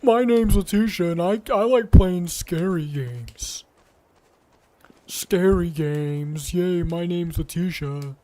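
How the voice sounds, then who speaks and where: A man's voice: high-pitched, slow pace, dark tone. A man mimicking a whiny girl gamer. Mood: mocking. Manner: sing-song mocking. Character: whiny mocking girl who loves scary games.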